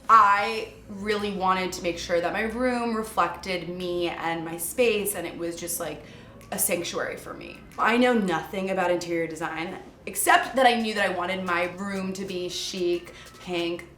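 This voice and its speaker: A woman's voice: on the low side, a little slow, pushed and bright. A bubbly, upbeat woman in her twenties from New York, chatting as host of a home tour vlog. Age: 20s. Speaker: video producer and host. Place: her apartment. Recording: echoey room, faint background music.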